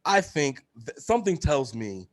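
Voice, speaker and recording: A young man hosts a relaxed podcast conversation. He tells stories with lots of life, swears freely and jumps up high when he acts out what others said. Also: moderate pace. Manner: animated storyteller, acts out quotes in a high voice. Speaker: podcast host. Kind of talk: casual chat.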